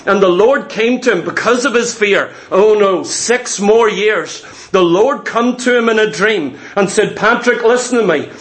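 A man's voice: sits high, measured pace, a bit bright. A man preaching, retelling a story earnestly and acting out the quotes. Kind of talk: sermon storytelling.

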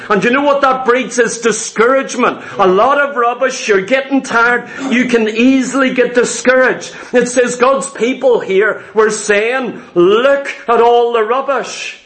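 A man's voice: very high-pitched, fairly bright tone. A man preaching a sermon, emphatic and repetitive, acting out voices of his congregation. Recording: echoey church hall.

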